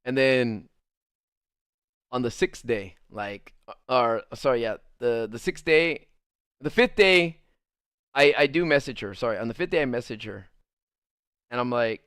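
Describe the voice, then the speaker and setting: A young adult man livestreaming, telling a rambling story to his chat in a casual, animated way full of "like" fillers. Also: medium pitch, unhurried, pauses often, clear, resonant tone, no room sound, studio quality.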